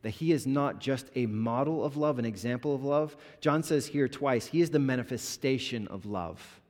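A man pastor giving an animated, conversational sermon with humor to his congregation in a church. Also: mid-range voice, normal speed. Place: church sanctuary. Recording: long hall reverb.

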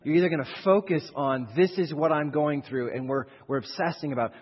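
A man preaching a sermon to a congregation, animated, swinging from loud acted-out fears to low, slow reflection. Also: slightly rough. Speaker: pastor. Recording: dull, reverberant hall recording.

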